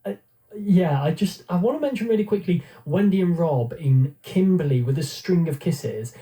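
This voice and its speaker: A man's voice: a little high, lively intonation, normal speed, dark tone, distant mic. A male radio co-host reading out listener texts in an amused, bantering way.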